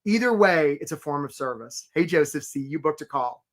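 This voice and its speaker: A man's voice: fairly high pitch, expressive, moderate pace. A middle-aged man coaching job seekers in a live webinar, chatty and upbeat, greeting viewers by name. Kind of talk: energetic live webinar presentation.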